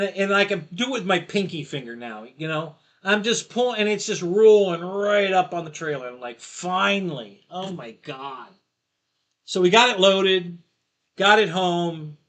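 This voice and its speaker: A middle-aged man with a high, bright voice hosts a live stream and chats casually. His stories ramble loosely, circling back as he laughs at his own jokes.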